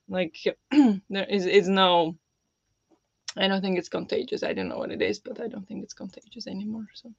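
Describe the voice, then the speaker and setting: A streamer chatting casually at home, keeping the voice low and soft because of a sore, swollen throat. The sound is dry and a little muffled, and the voice sits at a middling pitch. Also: very animated, moderate pace, creaky, pauses often, breathy edge, dry recording. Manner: talking softly with a held-back, lowered voice. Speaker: livestream host. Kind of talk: casual chat with viewers.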